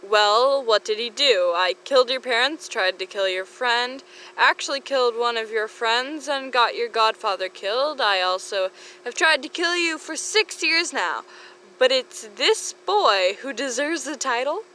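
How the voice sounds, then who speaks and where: A woman doing a petty villain lord, bright voice, mock-offended complaining. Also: fairly high pitch, lively intonation, measured pace, a little hiss or hum, voice pushed up, poor audio. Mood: aggrieved. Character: dark lord villain, adult man, petty and aggrieved.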